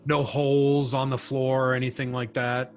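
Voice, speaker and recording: A man's voice: mid-range voice, little pitch movement, moderate pace, faint music behind. A man playing a tabletop game, talking hesitantly and restarting as he works out his character's move. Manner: hesitant, lots of ums and restarts. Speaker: player. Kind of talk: casual tabletop game play.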